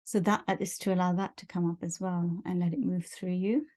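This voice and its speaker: Low, mellow woman giving spiritual guidance. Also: steady tone, brisk. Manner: earnest, encouraging, repetitive lists. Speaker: spiritual teacher. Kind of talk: spiritual energy update talk.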